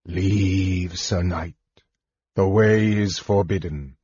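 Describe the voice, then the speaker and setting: A man reading an audiobook voices a ghostly spectre that guards a tower, speaking slowly and coldly. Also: low-pitched, steady tone, a little mellow, slightly rough, dry recording, full character voice. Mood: menacing. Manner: cold, slow, forbidding. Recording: dull lo-fi recording.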